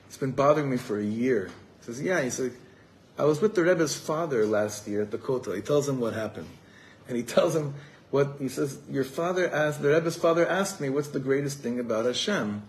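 A man's voice: medium pitch, expressive, normal speed. A man telling a story in a sermon as a rabbi at an evening gathering, acting out the voices of the people in it.

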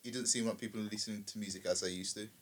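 A man's voice: fairly low pitch, fairly even intonation, rapid-fire. A man co-hosting a podcast, asking questions in casual chat. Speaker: podcast co-host.

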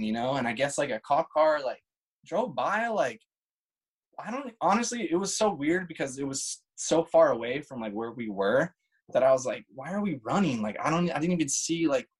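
Poor audio captures a mid-range male voice as a guest in his thirties spins a casual story. He's relaxed and profane, packing in slang along with plenty of "like" and "dude".

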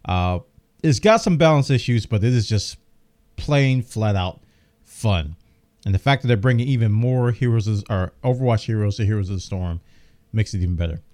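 A man hosts a gaming news podcast, chatting casually and enthusiastically as he reads out details. His voice is lowish and darkish, at a moderate pace, but a bit worn, as he's losing his voice and coughing.

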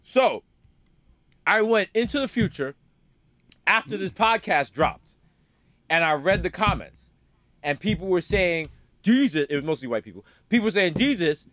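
A man co-hosting a podcast in casual chat, animated and jokey, rattling off nicknames. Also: high voice, normal speed, long pauses, no echo. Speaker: podcast co-host.

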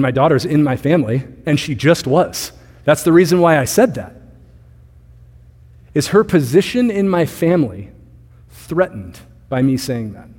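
A man's voice: on the high side, a little mellow, breathy edge. A man in his thirties preaching a sermon as pastor, talking with the congregation in a conversational way and often asking them questions. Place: church sanctuary. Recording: reverberant church hall.

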